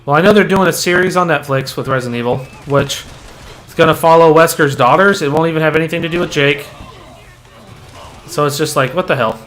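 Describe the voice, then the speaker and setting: A man's voice: a little high, fairly quick, a bit bright, soft background music. A man co-hosting while he plays, chatting casually and swearing at the game. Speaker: co-host playing the game. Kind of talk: casual gameplay chat.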